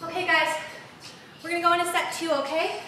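A woman's voice: very high voice, fairly even intonation, brisk, sharp tone, faint music behind. A young woman coaching a live workout, upbeat and cheering through the reps while out of breath. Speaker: fitness instructor. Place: large empty home gym floor. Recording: echoey room, mic far off.

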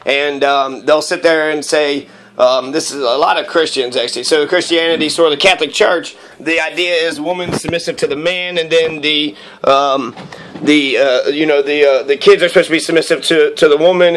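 A man's voice: fairly high pitch, poor audio. A man talking in a rambling, profane solo monologue, full of fillers and swearing. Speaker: solo speaker.

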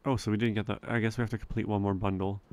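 A young man giving relaxed, rambling gameplay commentary, thinking aloud with frequent fillers. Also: lowish voice, very fast. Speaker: let's play gamer.

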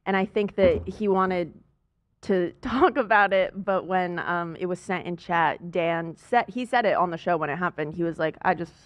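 A woman with a fairly low voice recounts events quickly in a casual podcast chat. The sound is dry and a little dull, from a lo-fi mic. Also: dry recording. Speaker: podcast crew member.

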